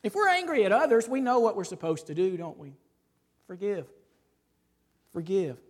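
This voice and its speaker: A man preaching a sermon as pastor, asking the congregation rhetorical questions and tagging them with "right?", moving between loud emphasis and quiet asides. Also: extremely high pitch, big pitch swings, fast, big-room sound.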